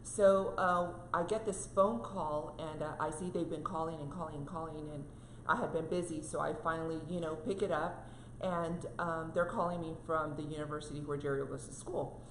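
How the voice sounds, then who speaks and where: A woman tells a heartfelt story in a casual devotional chat, pausing on frequent fillers. Her voice is fairly low for a woman. The room echoes around her, with faint noise behind. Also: fairly even intonation. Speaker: co-host.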